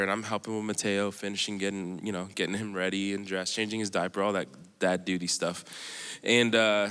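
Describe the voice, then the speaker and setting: A man's voice: lowish voice, bright, forceful tone, clean tone. A man on a panel casually telling a story, rambling with lots of fillers and laughing as he goes. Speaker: panelist sharing a missions story. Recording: echoey hall with long reverb.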